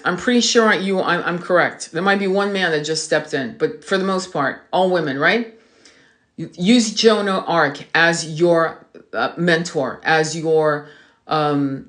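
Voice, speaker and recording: A woman's voice: lowish voice, a bit bright. Woman, livestream host, impassioned monologue, outraged, preachy, profane, repetitive. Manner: outraged, preachy, swears, repeats herself. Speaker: tarot reader hosting a livestream.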